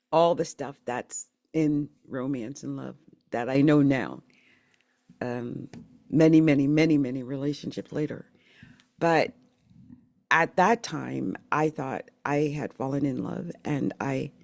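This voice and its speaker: A middle-aged woman from the Philadelphia area telling her life story in a candid, emotional, rambling way, with halting restarts. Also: sits low, gravelly, a little mellow, no echo. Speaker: channel host sharing her life story. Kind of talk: personal storytelling monologue.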